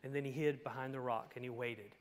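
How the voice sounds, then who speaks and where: A male pastor preaching a sermon, telling the story dramatically and swinging from hushed lines to shouts. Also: mid-range voice, steady tone, a little fast. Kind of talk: expository sermon. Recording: long hall reverb.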